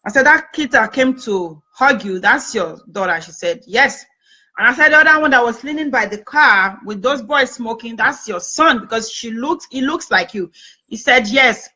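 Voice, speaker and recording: A woman speaks with a somewhat high, bright and forceful voice. She talks in an earnest, advice-giving way on a casual talk show. She often retells conversations she had. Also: lively intonation, normal speed, low-quality recording.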